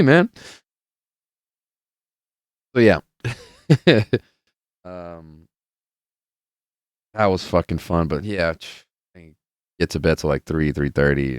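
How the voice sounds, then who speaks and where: Man, podcast host, low voice, smooth and clear, laid-back rambling, swears a lot. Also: no echo, studio quality. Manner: rambling, profane, laid-back storytelling with many fillers. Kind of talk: casual solo podcast life update.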